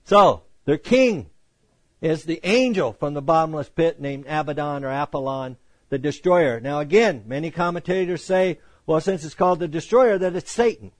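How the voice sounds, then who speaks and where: A man's voice: fairly high pitch, moderate pace, no echo. A man teaching verse by verse through the Bible, reading scripture aloud and then explaining it in a conversational way with joking asides.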